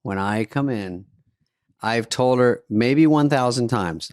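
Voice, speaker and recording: A man's voice: mid-range voice, takes it slowly, a little mellow, no echo. Man, podcast host, wry, self-deprecating, rambling storyteller, dry close sound. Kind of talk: casual comedic storytelling.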